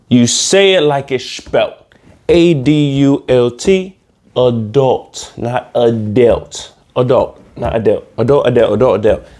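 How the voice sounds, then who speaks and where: A man's voice: medium pitch, warm tone. A man hosting a comedy podcast, talking in a loose, slangy, repetitive casual monologue. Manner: loose, slangy, repeats himself for laughs. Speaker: podcast host.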